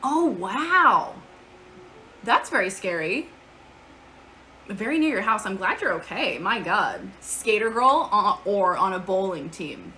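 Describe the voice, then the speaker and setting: Woman streamer, chatty and loose, swears offhand, bright, forceful voice. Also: mid-range voice, very animated, slow, slight background noise. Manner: chatty, swears casually, answers chat aloud. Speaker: live streamer. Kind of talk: casual live-stream chat. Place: at home.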